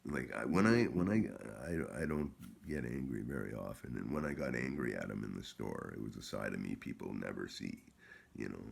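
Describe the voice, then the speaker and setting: A man's voice: very deep voice, sing-song, moderate pace, vocal fry, slightly rough. A man telling a rambling, profane story in a casual vlog, with many restarts. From Canada. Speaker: vlogger.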